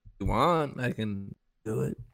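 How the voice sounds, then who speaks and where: A man's voice: medium pitch, lively intonation, measured pace, gravelly, a bit bright. A man co-hosting a podcast over a video call, easygoing and laughing often as he answers teasing. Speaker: podcast co-host. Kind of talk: casual chat. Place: remote call from home.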